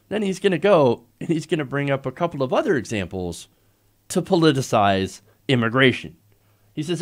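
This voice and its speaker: A man's voice: a little high, sing-song, normal speed, pauses often. A man giving opinionated political commentary in a sarcastic, mocking way.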